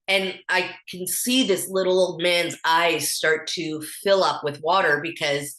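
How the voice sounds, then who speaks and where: A woman's voice: lowish voice, steady tone, a little slow, hardly any pauses, fairly bright tone. A woman in her thirties with a Canadian accent, a podcast guest telling a personal story candidly, with lots of fillers. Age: 30s. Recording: echoey room.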